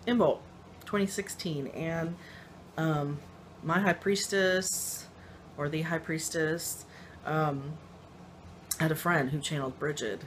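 A woman's voice: deep voice, steady tone, slow, pauses often, slight background noise. A woman casually telling a personal spiritual story, rambling with many fillers and little laughs, emotional and confiding. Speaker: spiritual vlogger.

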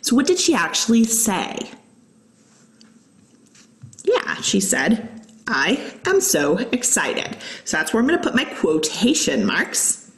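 A woman teaching a grammar lesson as a guest teacher, explaining step by step and slowing down to read out examples. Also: fairly high pitch, wildly swooping pitch. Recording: echoey room.

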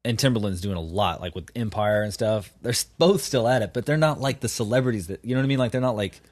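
A man's voice: fairly low pitch, fast talker, a little mellow, dry recording. A man guesting on a podcast, riffing casually and animatedly with opinions, full of restarts and asides.

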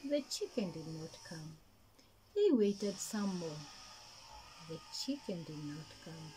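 A woman telling a story to young children in a gentle, slow, sing-song way, with lots of repetition. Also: low-pitched, big pitch swings, slight background noise, poor audio. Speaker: kindergarten storyteller.

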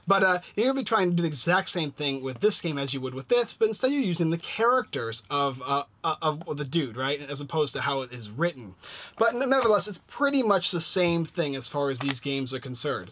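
A man casually reviewing a board game and walking through its rules, lively and playful as he demonstrates. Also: on the high side.

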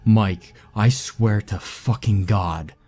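A man voicing a terrified young man who gasps and shouts frantically after a fright. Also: very animated, drawn-out words, slightly rough, heavily acted. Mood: panicked. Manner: gasping, frantic, high strained shouting.

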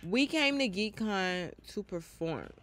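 Animated profane woman gaming streamer. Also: medium pitch, slow pace. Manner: profane, animated, talks to viewers. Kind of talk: casual let's play commentary.

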